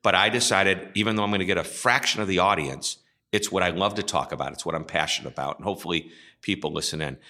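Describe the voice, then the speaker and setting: Bright-voiced, lowish man telling stories. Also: quick pace. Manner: chatty storyteller, acts out joke voices. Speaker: podcast guest, customer service speaker. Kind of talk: casual interview talk.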